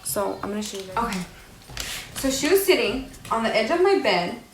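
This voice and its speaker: A young woman, casually telling a personal story to camera in an animated, slangy way. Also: on the high side, a little fast, roomy sound, slight background noise, rough recording. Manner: animated, swears freely, slangy. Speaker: vlogger.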